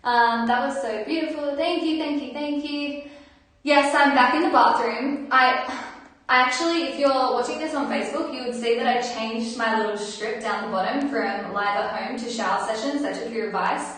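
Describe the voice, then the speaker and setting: A woman's voice: fairly high pitch, normal speed, a bit bright. A woman singer-songwriter chatting casually with her livestream viewers between songs, giggly and reading out their comments. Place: bathroom. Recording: echoey bathroom from far off, guitar.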